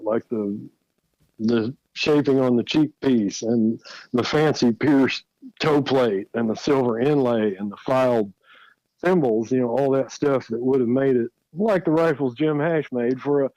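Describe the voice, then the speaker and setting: On a muffled, dry recording, a guest who builds rifles shares folksy stories, relaxed and chuckling through each anecdote. He has a medium-pitched, dark voice.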